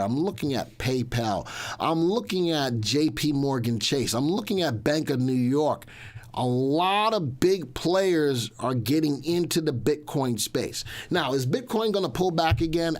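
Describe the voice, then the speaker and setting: A man hosting a live stock market show, chatty and repetitive, often restating lines as he talks through the news. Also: mid-range voice. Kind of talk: casual livestream market commentary.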